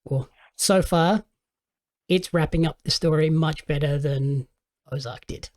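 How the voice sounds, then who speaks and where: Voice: mid-range voice, unhurried, a little mellow. A podcast host chatting casually, giving short agreeing replies between longer thoughts. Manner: brief agreeing replies, easygoing.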